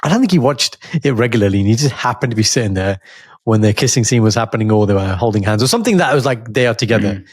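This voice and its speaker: A middle-aged man co-hosting a casual podcast, an animated storyteller who laughs often. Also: lowish voice, fast, husky, no echo, studio quality. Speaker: podcast co-host.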